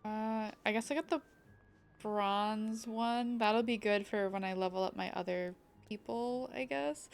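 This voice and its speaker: A woman's voice: medium pitch, unhurried, gravelly, clean tone. A young woman chatting casually while streaming a game, thinking aloud and greeting viewers. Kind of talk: casual live-stream chat.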